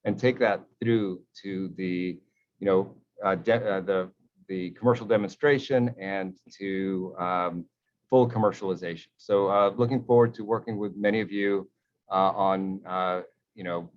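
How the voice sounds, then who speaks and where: A man with a low voice gives hesitant closing remarks, full of pauses and fillers. The audio sounds dull and lo-fi.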